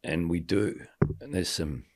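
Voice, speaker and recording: In a low, unhurried voice, a middle-aged podcast guest who is a sports commentator tells a personal story conversationally. He's a lively storyteller, acting out the dialogue he quotes.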